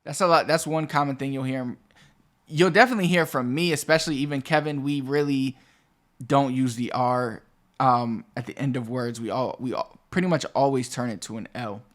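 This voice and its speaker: A man's voice: mid-range voice, moderate pace. A man with a Caribbean Spanish accent, Puerto Rican with a Dominican cadence, giving a casual, chatty language lesson that switches between English and Spanish to demonstrate pronunciation. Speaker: Spanish teacher.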